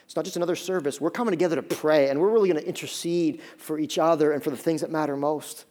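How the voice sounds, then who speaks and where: A pastor preaching to his congregation in a fairly high voice. He pleads with emphasis, then sinks into soft, hushed lines. He is a man in his thirties. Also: fast. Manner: emphatic preaching that swings between loud pleas and soft low passages. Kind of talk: sermon.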